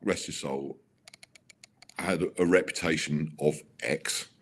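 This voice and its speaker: A middle-aged man, a racing car designer, telling stories in an interview with halting restarts and acted-out quotes. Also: very deep voice, steady tone, a bit bright. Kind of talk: animated storytelling interview.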